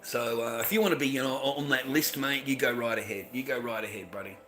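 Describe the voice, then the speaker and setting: A man's voice: mid-range voice, quick pace, a bit bright, faint music behind. A man telling a crude story in casual chat, swearing a lot and calling the listener mate and bro. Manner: profane, blokey, repeats "mate" and "bro".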